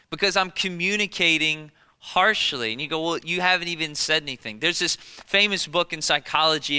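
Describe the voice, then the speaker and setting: A young man with a high, very bright voice preaches a sermon in a casual, conversational way, driving each point home by saying it again. The room around him is a church hall, with a long reverb trailing his words. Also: clean tone. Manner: conversational, repetitive, emphatic preaching. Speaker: pastor. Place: church auditorium.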